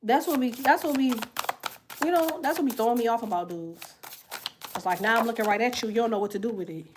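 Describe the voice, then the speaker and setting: A woman's voice: on the high side, fast talker, noisy background. A young woman tarot reader on a casual livestream, chatting bluntly and profanely while she answers comments, congested from a sinus infection.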